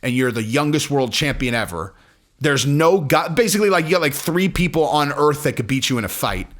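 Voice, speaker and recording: A man talking casually as an MMA commentator, blunt and a little profane, rambling between points in a relaxed vlog way. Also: on the high side, a little fast. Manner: animated, rambling, acts out quotes in other voices.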